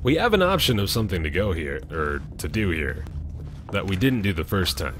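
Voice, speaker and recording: A man's voice: low-pitched, very animated, a little fast, background noise. Chatty man narrating his gameplay. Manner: casual, chatty, thinking aloud while playing. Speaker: gaming channel host. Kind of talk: let's play commentary.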